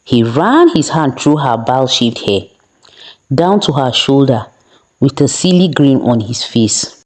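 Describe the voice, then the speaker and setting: A woman storyteller narrating a folktale in a steady, plain way with the odd small restart. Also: very deep voice, a little slow, rough recording.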